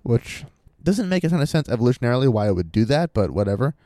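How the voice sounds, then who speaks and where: A man chats through a podcast story with wry, sarcastic asides, reading his sources aloud as he goes. His voice is mellow and swings widely in pitch. The sound is dry and close. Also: big pitch swings, fast talker, no echo. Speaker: podcast co-host.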